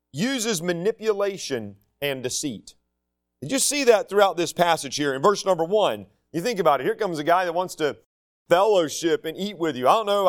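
A man preaching an expository sermon in a conversational way, with folksy asides and frequent restarts. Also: high-pitched. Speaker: pastor.

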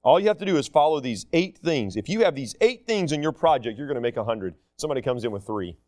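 Lively, animated middle-aged man preaching. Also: mid-range voice, fast. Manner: conversational and self-deprecating with humor. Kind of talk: sermon.

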